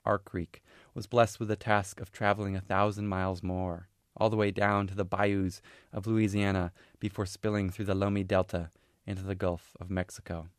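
Male author reading literary fiction; low register, measured pauses, dry close-miked sound. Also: little pitch movement, dry recording. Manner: measured, unhurried storytelling with pauses. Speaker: author reading his novel.

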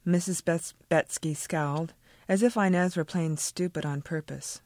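A woman, the author, reading a passage from her own novel in a measured, expressive way. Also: fairly low pitch, no room sound.

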